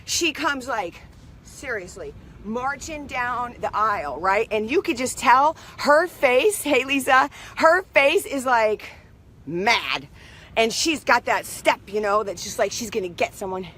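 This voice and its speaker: A woman's voice: fairly high pitch, animated, measured pace, fairly bright tone, a little hiss or hum. A woman hosting a live video, telling a rambling personal story in a chatty way and greeting viewers as they join. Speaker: live stream host.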